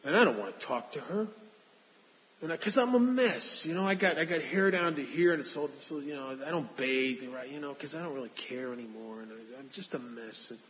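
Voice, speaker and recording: A man's voice: a little high, a little fast. Man telling his story in a reverberant hall. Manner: earnest, confessional, frequent restarts. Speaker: speaker sharing his recovery story. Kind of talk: personal testimony storytelling. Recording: dull reverberant hall recording.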